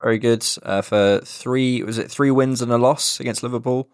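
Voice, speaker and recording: A man's voice: medium pitch, fairly even intonation, normal speed, no echo, clean studio sound. A young man co-hosting a casual podcast, chatty and rambling, swearing casually. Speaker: podcast co-host. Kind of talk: casual chat.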